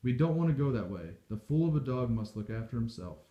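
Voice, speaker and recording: A man voicing a curt, irritable gentleman who speaks brusquely and impatiently, in a storybook reading. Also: mid-range voice, expressive, fast talker, natural voice. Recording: dull echoey home recording.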